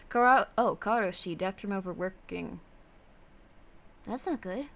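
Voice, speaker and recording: A bubbly woman streamer with a fairly high voice, chatting casually to her livestream viewers. She gushes and praises freely in an effusive, upbeat way. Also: lively intonation, moderate pace.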